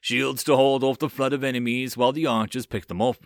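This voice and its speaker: A man voicing a gruff mercenary captain who barks orders, in a dry audiobook reading. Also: mid-range voice, fairly even intonation, a little fast, no room sound, lightly acted. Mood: commanding. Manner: barking orders.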